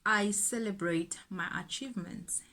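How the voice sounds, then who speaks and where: A woman's voice: medium pitch, measured pace, sharp tone, slight background noise. A young South African woman with a South African accent, chatting earnestly and indignantly while getting ready, with emphatic repetitions. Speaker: YouTuber. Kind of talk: casual get-ready-with-me chat.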